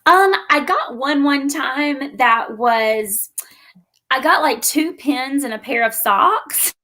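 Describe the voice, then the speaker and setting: Giggly lady guest on a live chat, kinda high voice, lots of ums. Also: lively intonation, slow pace, sharp tone. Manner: giggly, chatty, with many ums. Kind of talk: casual live-stream chat.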